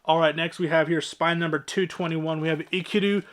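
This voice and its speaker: Guy rambling thru his disc collection, kinda high voice, loose and offhand, swears a bit. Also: steady tone, fairly quick, a bit bright. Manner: rambling and offhand, with fillers and profanity. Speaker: movie collector vlogger. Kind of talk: casual collection walkthrough.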